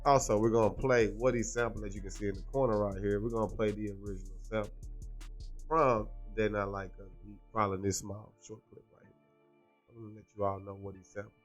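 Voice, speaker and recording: A man's voice: fairly low pitch, level tone, brisk, soft background music. A man hosting a reaction commentary show, explaining clips and asking the viewer rhetorical questions.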